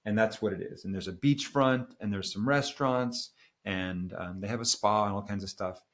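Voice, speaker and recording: A middle-aged man with a lowish voice, telling a story at an easy pace with a relaxed, casual air. He wanders through the tale with the odd "um" and "you know" as he co-hosts a podcast chat. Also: normal speed. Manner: relaxed, rambling, with fillers. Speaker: podcast co-host.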